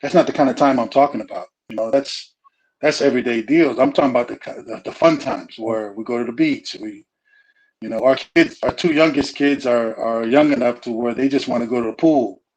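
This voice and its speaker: Speaking on family as a guest, this middle-aged man keeps things loose and conversational, drifting between ideas and frequently starting sentences over. "You know" fills his gaps, his pitch is middling, and the recording sounds rough.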